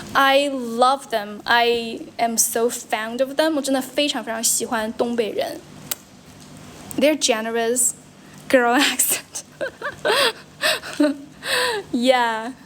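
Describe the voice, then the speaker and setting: A woman's voice: fairly high pitch, fairly even intonation, measured pace, a little hiss or hum. Chatty young woman livestreaming. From China. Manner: switches between English and Mandarin, repeats and self-corrects. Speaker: livestream host, English teacher. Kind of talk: casual livestream chat answering comments. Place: friend's house.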